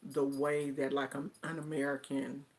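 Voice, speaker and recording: A woman vlogger chatting casually to camera, telling stories in an animated, drawn-out way. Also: extremely low pitch.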